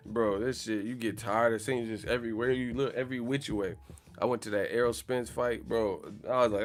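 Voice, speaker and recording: A man's voice: mid-range voice, steady tone, moderate pace. A man hosting a boxing channel livestream, chatting casually in a profane, joking, slangy way. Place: in the Bay Area, California.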